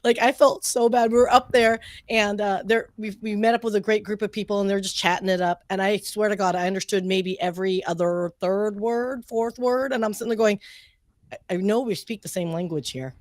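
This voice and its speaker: A woman co-hosting a casual chat, telling animated anecdotes. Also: mid-range voice, brisk, few pauses, no room sound.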